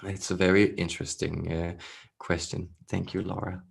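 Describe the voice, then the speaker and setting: A man speaking as a calm, benevolent alien collective consciousness, in a throaty voice with slow, measured delivery and long pauses. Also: low voice, creaky. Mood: solemn. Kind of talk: channeled spiritual message.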